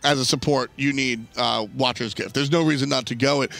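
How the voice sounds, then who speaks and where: A man's voice: medium pitch, fairly even intonation, fairly quick, gravelly, a bit bright. A man casting live esports, breaking down picks and items in an analytical, chatty way with frequent restarts. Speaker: esports caster.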